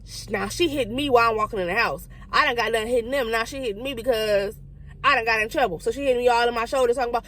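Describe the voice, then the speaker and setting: Fast-talking young woman telling a storytime. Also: fairly high pitch. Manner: fast, profane, animated storytelling with quoted voices. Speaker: vlogger. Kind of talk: casual storytime.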